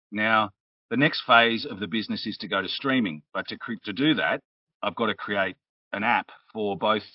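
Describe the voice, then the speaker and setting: A man's voice: fairly low pitch, dry recording, distant mic, muffled recording. An Australian man, a guest on a podcast, chatting casually and explaining with anecdotes. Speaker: guest, audiobook narrator and publisher.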